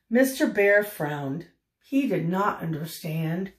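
An older woman reading a picture book aloud in a gentle way, pausing to ask the listener questions. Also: a little high, big pitch swings. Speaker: storyteller. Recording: roomy echo.

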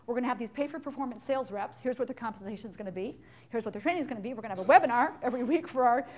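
A woman giving a live business talk to an audience in an animated, joking way, firing questions at the listeners. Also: high voice. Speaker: leadership speaker.

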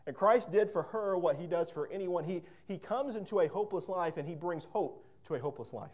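Fervent high-voiced male preacher. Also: lively intonation, fairly quick, darkish tone. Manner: fervent, emphatic, with repeated words and storytelling asides. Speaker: pastor. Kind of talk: sermon.

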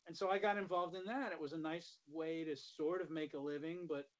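Man telling stories, slightly high voice. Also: a little fast, rough recording. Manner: relaxed, rambling, many "you know" asides. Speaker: guest musician. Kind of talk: casual interview storytelling.

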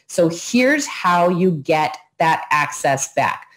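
Woman, host, low voice, calm, instructive, guided breathing talk. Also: slow pace. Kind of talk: coaching talk to viewers.

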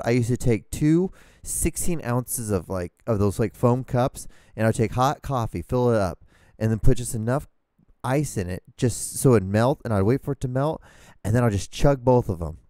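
A man's voice: medium pitch, dark tone, no room sound, clean studio sound. A man hosting his own podcast, ranting casually and profanely into a microphone with an exasperated tone. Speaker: podcast host. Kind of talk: casual solo rambling rant. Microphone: studio microphone, talking to camera.

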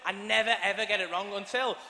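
A man's voice: sits high, steady tone, fast, background noise. A man in his thirties with an English accent, doing stand-up and telling a rambling, sweary story to an arena crowd. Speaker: stand-up comedian. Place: large arena stage. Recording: echoey arena, live audience.

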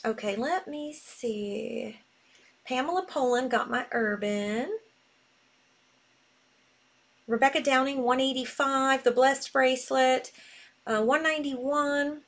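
A bubbly woman hosts a live selling stream and gushes freely. Her voice sits a touch high for a woman, bright with easy enthusiasm. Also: takes it slowly, long pauses. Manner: bubbly, gushing. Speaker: live sale host.

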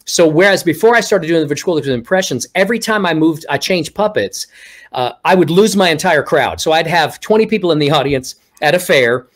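Animated middle-aged man telling stories. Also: fairly high pitch, fairly quick. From Texas. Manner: animated, acts out quoted speech. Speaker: guest ventriloquist. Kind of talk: casual interview storytelling.

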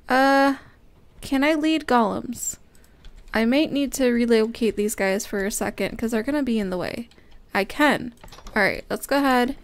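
A bubbly young woman hosting a casual gameplay session, chatting along as she plays. Her voice sits a little high, and she coaxes the game characters while breaking into sudden excited squeals. She talks close to a desk microphone. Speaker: gaming host. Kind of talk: casual let's-play commentary.

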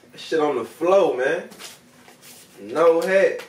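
A man's voice: a little high, expressive, slow pace, a little mellow, far from the mic, slight background noise. Profane rambling man in an echoey room. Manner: rambling, profane, talks straight to viewers. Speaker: video host reviewing smoking products. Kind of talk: casual slang-heavy vlog chat.

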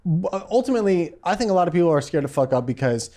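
Animated young man telling stories. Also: on the high side, fast. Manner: animated storyteller, swears freely, acts out quotes. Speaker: podcast co-host. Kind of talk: casual chat.

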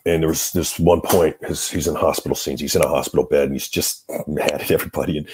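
A middle-aged man, a guest actor, telling lively anecdotes in a casual interview and laughing between lines. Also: rumbling low, quick pace, a little hiss or hum.

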